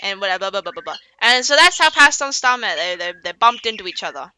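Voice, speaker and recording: Bright-voiced streamer rambling through a story. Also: female voice, medium pitch, big pitch swings, fast, a little hiss or hum, poor audio. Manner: rambling, profane, lots of fillers.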